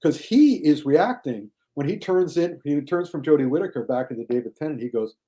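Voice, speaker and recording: A man appears as a guest critic on a podcast, talking casually and enthusiastically and mocking critics in a high, whiny voice. He sounds expressive and mellow and talks a little fast.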